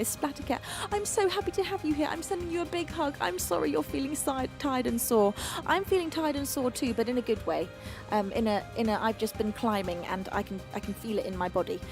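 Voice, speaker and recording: A woman from the UK hosting a live music stream, chatting warmly with viewers and laughing often. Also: high-pitched, fairly quick. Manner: gushing, affectionate, laughs often. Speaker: live-stream singer host. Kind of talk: casual chat reading out chat messages.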